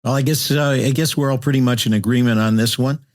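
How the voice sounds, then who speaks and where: A man's voice: medium pitch, fast. A man moderating a casual hockey betting chat, steadily running through odds and records. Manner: steady, lists stats methodically. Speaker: podcast host, moderator. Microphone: remote call mic.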